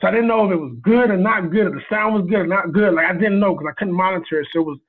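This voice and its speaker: A man telling a story as a guest in a casual interview, animated and excitable and laughing often. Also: high voice, rapid-fire. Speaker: guest cinematographer. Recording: tinny phone-line sound.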